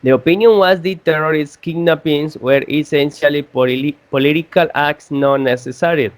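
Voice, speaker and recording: Man, from Colombia, student debater, halting, smooth voice. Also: fairly high pitch. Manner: halting, restarts words. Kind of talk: class debate in English.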